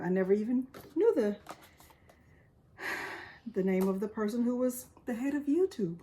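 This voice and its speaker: A woman hosting a craft channel vlog, chatting excitedly and getting emotional as she thanks her viewers. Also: on the high side, moderate pace, pauses often. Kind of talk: casual vlog chat.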